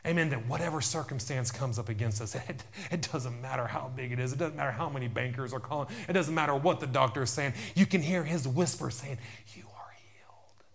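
A man's voice: medium pitch, quick pace, gravelly, hardly any pauses. A man preaching a fervent sermon, repeating himself and calling out amen and church. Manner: fervent, repetitive preaching with many amens.

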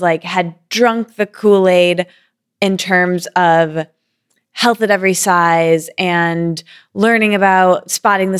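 Chatty woman, smooth low-ish voice. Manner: quick, chatty, frequent "like" fillers. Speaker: podcast guest. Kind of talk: candid conversational storytelling.

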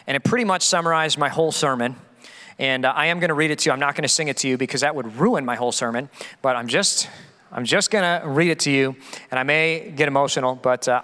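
A man, a pastor, preaching an emphatic sermon, rising for stress and dropping low for appeals. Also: sharp tone. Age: adult father of a young son. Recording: long reverb of a church hall.

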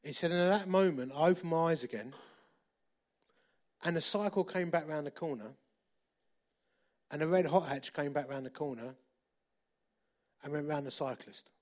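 A middle-aged man preaching a sermon, repeating phrases for emphasis and moving between loud and hushed delivery. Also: fairly high pitch, moderate pace, long pauses. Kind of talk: sermon with storytelling.

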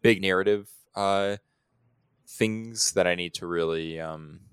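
Smooth low-voiced man, halting. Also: fairly bright tone, no echo, clean studio sound. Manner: halting, rambling with many fillers. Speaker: podcast co-host, screenwriter. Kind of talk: casual chat.

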